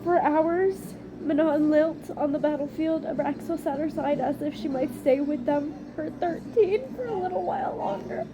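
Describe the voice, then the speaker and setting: Young woman reading a book out loud, super high voice, all emotional, noisy room. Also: moderate pace, hardly any pauses. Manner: emotional, overwrought. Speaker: book vlogger. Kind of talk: reading aloud with outbursts. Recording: noisy background.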